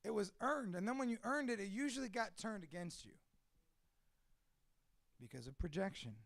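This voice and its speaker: A man's voice: sits high, lively intonation, moderate pace, vocal fry, fairly bright tone, dry recording, studio quality. A man from a Cuban family, a father of two, telling his life story in a candid, profane, emotional monologue. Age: adult with two children.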